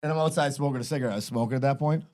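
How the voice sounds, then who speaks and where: A man's voice: mid-range voice, racing, a little mellow. Profane man in his forties telling stories. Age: 40s. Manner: rambling, profane, full of "like" and self-quotes. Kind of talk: casual storytelling.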